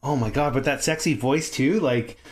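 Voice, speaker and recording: A man co-hosting a gaming podcast in casual chat, talking in an animated way, swearing freely and laughing often. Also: medium pitch, moderate pace. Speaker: podcast co-host.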